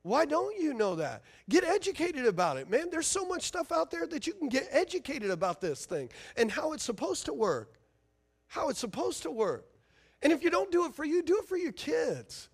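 A man's voice: extremely high pitch, very animated, normal speed. A man preaching a sermon as pastor, emphatic and fiery, firing rhetorical questions at his congregation.

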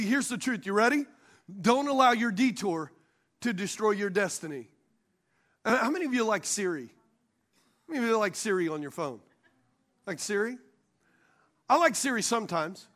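High-voiced pastor preaching a lively sermon. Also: male voice. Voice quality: high voice for a man. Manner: preaching with call-and-response and jokes. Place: church sanctuary.

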